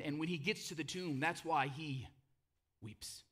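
Bright-voiced preaching man in his thirties. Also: fairly high pitch, a little slow, slightly rough. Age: 30s. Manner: passionate, conversational preaching with frequent "right?". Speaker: pastor. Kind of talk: sermon.

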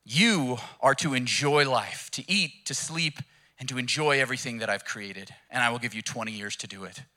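A man doing a calm, commanding God. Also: medium pitch, lightly acted. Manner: measured, declaring.

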